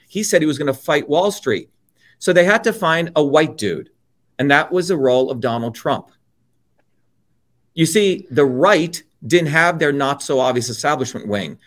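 A man's voice: fairly high pitch, animated, moderate pace, a bit bright. A middle-aged man from India, an interview guest delivering a heated political monologue, blunt and profane, with mocking asides.

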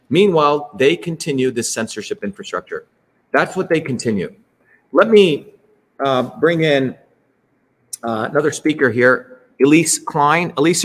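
A man presenting to an audience in a rambling, emphatic way, full of digressions and tag questions. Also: mid-range voice. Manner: emphatic, digressive, keeps asking "right?" and inserting "by the way". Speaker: presenter leading an online talk.

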